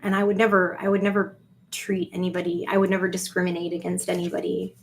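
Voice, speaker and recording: A woman, rambling on a livestream, swinging between gushing greetings to viewers and low confiding asides. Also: level tone, fast talker, slight background noise. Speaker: livestream vlogger.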